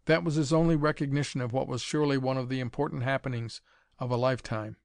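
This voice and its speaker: Male narrator for a pulp adventure audiobook, steady and measured, clear resonant tone, dry sound. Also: medium pitch, dry recording.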